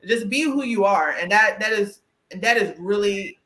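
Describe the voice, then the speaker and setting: Southern woman with a bright, echoey voice. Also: mid-range voice, moderate pace. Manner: animated and emphatic, often tags "right?". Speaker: podcast host and career coach. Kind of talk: conversational podcast interview.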